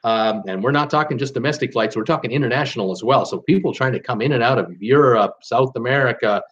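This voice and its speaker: A man's voice: mid-range voice, fast, a bit bright, highs cut off. A man from Canada hosting a live stream in a rambling, chatty way, full of "uh"s and restarts. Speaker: host of a live cruise channel. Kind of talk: casual live-stream chat.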